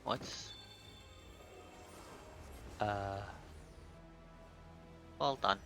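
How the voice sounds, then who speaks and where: A man's voice: lowish voice, very slow, creaky, fairly bright tone, soft background music. A man streaming a game live, playfully taunting enemies and chatting to viewers. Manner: playful, talks to enemies and chat.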